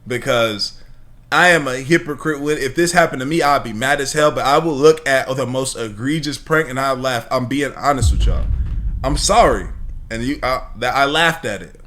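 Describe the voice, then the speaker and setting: A man's voice: mid-range voice, moderate pace, fairly bright tone. A man hosting a reaction video, talking casually with lots of slang and swearing, rambling and laughing as he watches.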